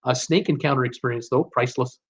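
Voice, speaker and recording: A middle-aged man hosts a live stream, casually reading viewer comments aloud and answering them with lots of fillers and restarts. His voice is medium-pitched, husky and a little fast, and the stream audio is dull and lo-fi.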